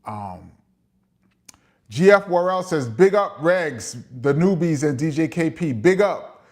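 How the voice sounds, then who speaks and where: A man's voice: a little high, expressive, slow. Chatty New York man reading comments. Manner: long-winded, shouts out viewers, reads comments aloud. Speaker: host of a live chat show. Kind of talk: casual livestream chat, reading viewer comments.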